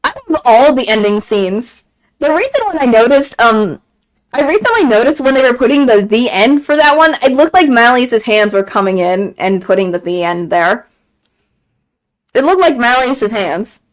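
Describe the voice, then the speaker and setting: A woman streaming a game and chatting casually, gushing excitedly, repeating herself and laughing often. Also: a little high, normal speed, poor audio. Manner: excited gushing fan talk, frequent laughs and repeated phrases. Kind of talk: casual chat on a live stream.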